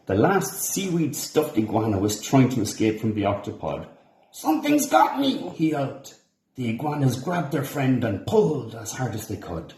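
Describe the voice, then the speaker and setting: Animated man reading a children's story. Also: lowish voice, roomy sound. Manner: expressive, animated character voices. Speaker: storybook reader. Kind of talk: children's read-along narration.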